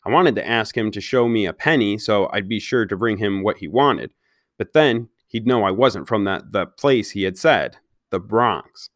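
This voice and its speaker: A man's voice: lowish voice, a bit bright, no echo, clean studio sound. A man reading a children's novel aloud, stopping now and then to ask his listeners questions. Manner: pauses to question listeners directly. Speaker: read-aloud storyteller.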